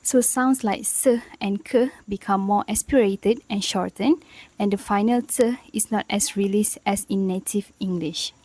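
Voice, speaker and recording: A woman's voice: medium pitch, a little slow, darkish tone, dry recording, low-quality recording. A young woman from Malaysia, a student giving a recorded class presentation and explaining from prepared notes.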